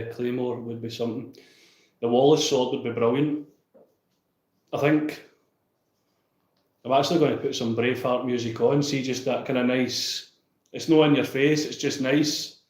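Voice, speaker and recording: A man's voice: mid-range voice, darkish tone, echoey room, rough recording. A Scottish man chatting casually with viewers on a livestream, reading out and answering their comments.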